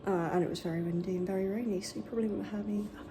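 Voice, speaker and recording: A woman's voice: medium pitch, steady tone, very fast. Breathless young woman vlogging on a run. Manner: chatty, upbeat, informal. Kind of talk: casual running vlog. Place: outdoors on runs. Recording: noisy outdoor phone recording.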